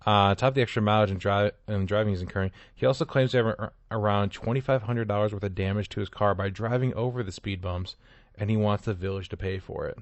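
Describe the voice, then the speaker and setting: Male podcast co-host, lowish voice, dry close mic, sarcastic news reader. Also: fast talker, no room sound, dull audio. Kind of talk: casual comedic chat, reading news stories.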